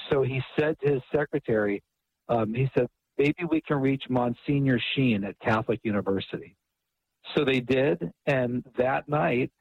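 A man's voice: medium pitch, slightly rough. A man guest retelling a story at length, with many restarts and quoted dialogue. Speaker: author and radio guest. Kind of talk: phone interview storytelling. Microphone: phone line. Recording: tinny phone line.

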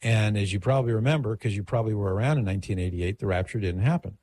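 A man's voice: lowish voice, racing, a little mellow, no echo. A middle-aged man hosting a radio call-in show, giving advice in a conversational, digressive way.

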